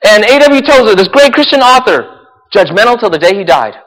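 A male pastor with a high voice preaches in a sermon, moving between loud, intense stretches and quiet, hushed ones. His words ring out with a long reverb, like a large church hall. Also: sing-song, fairly quick. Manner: swings from loud and intense to hushed and soft, with laughs.

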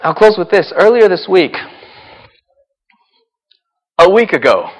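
A male pastor with a high voice preaches in a sermon, moving between loud, intense stretches and quiet, hushed ones. His words ring out with a long reverb, like a large church hall. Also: big pitch swings, unhurried. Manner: swings from loud and intense to hushed and soft, with laughs.

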